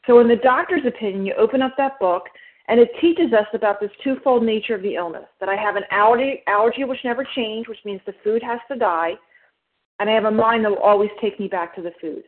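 Higher-voiced woman with a New Jersey accent, emphatic and quick, sharing at a recovery meeting over the phone. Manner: emphatic, fast-talking, explains step by step. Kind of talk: personal share at a recovery meeting. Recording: phone line.

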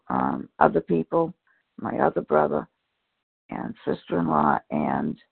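A hoarse man sharing at a recovery meeting, halting and emotional, often clearing his throat. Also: on the high side. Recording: tinny phone-like call audio.

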